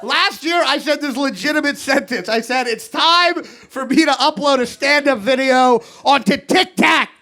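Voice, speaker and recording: A man in his thirties from Kentucky doing an animated, sarcastic stand-up set on a comedy club stage, swinging between loud rants and mutters. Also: very high-pitched, moderate pace, hardly any pauses. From Kentucky, USA. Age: 30s. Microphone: handheld stage mic. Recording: live club recording with audience noise. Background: audience laughter.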